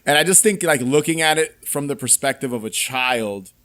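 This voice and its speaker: A man's voice: medium pitch, normal speed, a bit bright. A man hosting a podcast, chatting in an easygoing, reassuring way. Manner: easygoing, reassuring, chuckles along. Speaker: podcast host. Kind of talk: casual chat.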